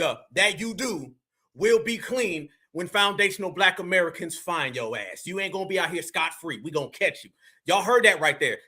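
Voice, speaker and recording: A man with a very high, piercing, husky voice delivers heated, opinionated online commentary directly to his audience. His tone is sharp and forceful, full of emphatic slang, and he keeps calling his viewers fam and y'all.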